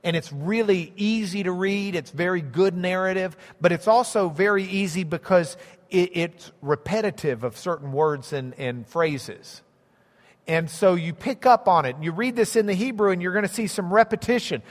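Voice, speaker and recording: A man's voice: high voice, normal speed, long reverb tail. A man preaching a sermon, explaining a map and stressing points through emphatic repetition. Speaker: pastor.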